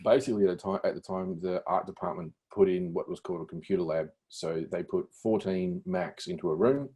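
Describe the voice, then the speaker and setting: An Australian man in his forties, a guest telling animated, laughing stories with free swearing in a casual interview. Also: sits low, a little fast, husky. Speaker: guest entrepreneur.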